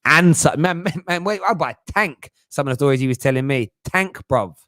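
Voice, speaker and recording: A man's voice: on the high side, expressive, brisk, fairly bright tone, no echo, clean studio sound. A young man hosting a casual live chat, jokey and slangy, laughing often. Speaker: livestream host.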